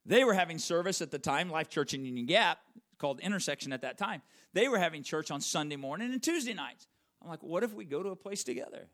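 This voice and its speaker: A middle-aged man preaching a sermon, telling a personal story and swinging from loud emphatic peaks to hushed, near-whispered lines. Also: on the high side, lively intonation, quick pace. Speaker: pastor.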